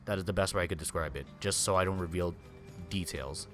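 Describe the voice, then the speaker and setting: A man's voice: sits low, brisk, music in the background. Rambling slangy young streamer guy. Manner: rambling, slangy, peppered with "dude" and "like". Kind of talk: casual gameplay chat.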